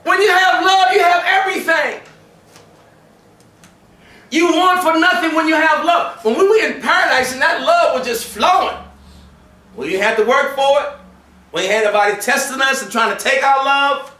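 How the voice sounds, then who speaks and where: A man giving a Friday sermon, switching between shouted acted-out voices and hushed, quiet passages. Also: extremely high pitch, normal speed, pauses often. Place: mosque prayer hall. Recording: echoey room from a distance.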